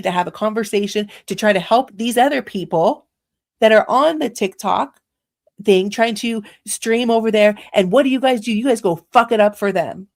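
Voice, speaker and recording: Heated woman ranting on a livestream. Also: a little high. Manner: heated, profane, ranting at chat. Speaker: livestream host. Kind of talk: angry livestream rant.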